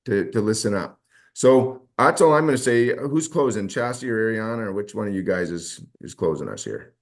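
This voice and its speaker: A man's voice: lowish voice, very animated, fairly quick, vocal fry. A man hosting a motivational team call, telling stories in an enthusiastic, rambling way.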